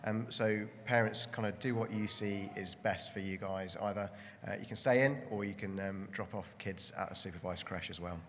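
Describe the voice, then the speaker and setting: A man's voice: lowish voice, steady tone, moderate pace, fairly bright tone, big-room sound, a little hiss or hum. A man, a pastor preaching a sermon in a church with many ums and restarts. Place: church building.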